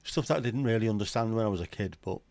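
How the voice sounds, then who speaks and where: Jokey low-voiced man. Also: rapid-fire, creaky, a little mellow, no room sound. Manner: jokey, rambling pub banter. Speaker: livestream host. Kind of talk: casual chat reading viewer comments.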